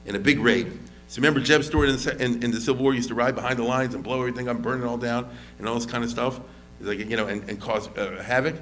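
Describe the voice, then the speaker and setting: A man acting as a rabbi gives a casual, informal history lecture, restarting often, using plenty of fillers, and voicing quotes with lively character. His voice sits in the mid-range and he talks fast. There's a little hiss or hum in the recording.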